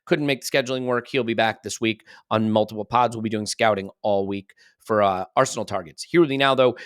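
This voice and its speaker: A man's voice: medium pitch, a bit bright, dry recording, clean studio sound. Chatty American man hosting a podcast. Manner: chatty, rambling with self-deprecating asides. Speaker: podcast host. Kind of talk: casual podcast chat.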